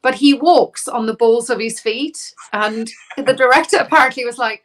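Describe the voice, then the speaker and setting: A woman hosting an interview over a phone video call, chatty and quick to laugh. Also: high-pitched, a bit bright. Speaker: host. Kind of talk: casual interview chat.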